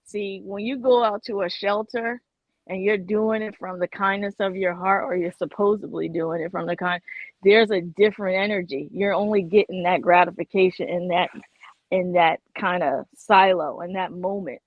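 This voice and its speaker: A woman's voice: mid-range voice, steady tone, normal speed, no echo. Emphatic woman panelist, insistent, dull lo-fi sound, dry. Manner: emphatic, insistent, talks over others. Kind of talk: opinionated casual debate. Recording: dull lo-fi online audio.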